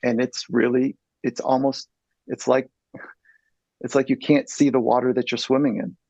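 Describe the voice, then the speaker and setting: A man's voice: medium pitch, level tone, normal speed, vocal fry, a little mellow, no echo, poor audio. A man in his fifties, a psychologist guest, telling a personal story in an earnest, blunt way and swearing freely.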